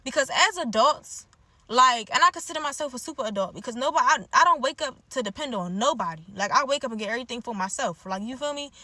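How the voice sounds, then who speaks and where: A woman's voice: sits high, fast, no room sound. A young woman in her twenties from the DMV area, with its accent, bluntly telling a casual storytime full of slang and "like". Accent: DMV African American English. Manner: blunt, animated, slangy, frequent "like".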